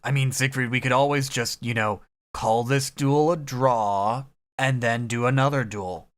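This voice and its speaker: A woman's voice: very deep voice, a little slow. A woman co-hosting a casual comedy podcast, swearing often and breaking into laughter. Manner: swearing, animated, bursts into loud laughs. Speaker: podcast co-host.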